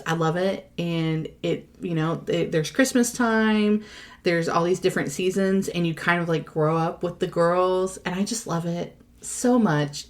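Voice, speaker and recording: A woman with a lowish voice co-hosts a library podcast in easy, casual chat. She gushes with feeling, rushing some phrases and stretching others out. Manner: gushing, talks fast then drawls, emotional. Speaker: podcast co-host, library staff.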